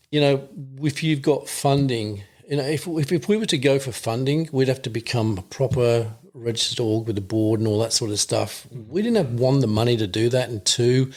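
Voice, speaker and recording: A man's voice: medium pitch, darkish tone. A middle-aged Australian man, a guest on a podcast, talking casually and earnestly, rambling a bit and laughing easily. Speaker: podcast guest, veterans hunting program founder. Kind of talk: casual chat.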